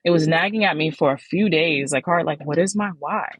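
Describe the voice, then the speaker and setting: A woman in her forties hosting a solo podcast, talking candidly and casually, swearing freely, her voice jumping up in pitch when she gets animated. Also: a little fast, husky, no echo, poor audio. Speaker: podcast host.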